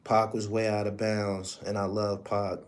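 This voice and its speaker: A man's voice: fairly low pitch, little pitch movement, measured pace. A man hosting a podcast, telling a story in blunt, profane, emphatic casual commentary. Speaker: podcast host.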